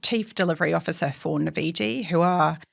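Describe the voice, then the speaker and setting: A woman's voice: lowish voice, fairly quick, gravelly. A woman from England, co-hosting a podcast in casual, chatty talk full of fillers and frequent laughs. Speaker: podcast co-host. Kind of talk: casual chat.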